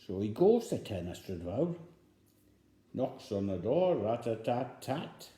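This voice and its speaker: A man's voice: mid-range voice, big pitch swings, slow, dark tone. A man telling a joke as a rambling story, repeating phrases for effect. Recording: roomy echo.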